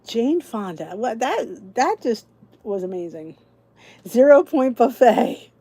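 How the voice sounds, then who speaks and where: A woman's voice: fairly high pitch, big pitch swings, takes it slowly, dark tone, slightly rough, no echo. A middle-aged woman from New Jersey hosting a casual livestream, chatting with viewers by name and laughing often. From New Jersey, USA. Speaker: channel host.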